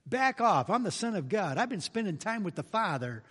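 A man putting on the voice of Jesus, talking in casual modern words with calm reassurance. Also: sits high, normal speed, husky, big-room sound, heavily acted. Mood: defiant. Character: Jesus, calm confident man addressing others.

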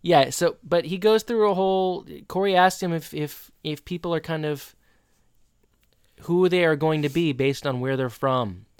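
Male podcast co-host in his own easygoing voice. Smooth, clean tone, close and dry, with mid pitch. Rambles as he recaps. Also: normal speed, no echo. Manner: rambling, restarts sentences while retelling scenes. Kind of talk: casual episode recap chat.

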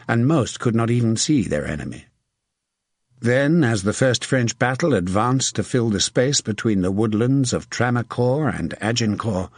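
Low husky male audiobook narrator. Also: no echo, studio quality. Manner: steady measured storytelling. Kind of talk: scripted narration.

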